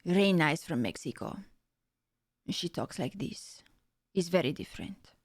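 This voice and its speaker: A woman voicing a female game character with a Mexican accent, speaking slowly and softly. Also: lowish voice, animated, slightly rough, no room sound, clean studio sound. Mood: playful.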